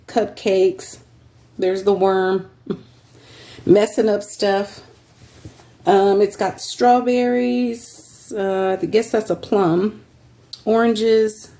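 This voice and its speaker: Slow, mellow-voiced woman showing craft fabrics. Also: mid-range voice. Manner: meandering, with many ums and throat clearing. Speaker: craft seller. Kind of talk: casual show-and-tell selling craft supplies. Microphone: phone.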